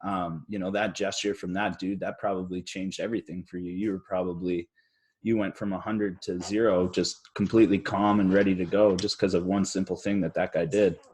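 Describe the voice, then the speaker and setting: A man hosting an interview in a relaxed, slangy and encouraging way. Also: low-pitched, fairly quick, husky. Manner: laid-back, slangy, encouraging. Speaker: interview host. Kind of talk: casual chat.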